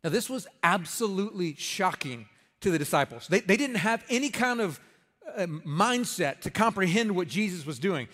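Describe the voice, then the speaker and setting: Guy pastor giving a sermon, chatty and emphatic, kinda high voice, long echo like a big church. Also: expressive, normal speed, fairly bright tone. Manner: conversational, emphatic, folksy humor.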